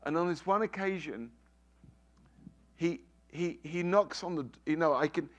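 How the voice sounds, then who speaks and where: A man's voice: on the high side, measured pace, dull audio. A middle-aged man preaching a sermon, telling a family story with emphatic, repeated phrases.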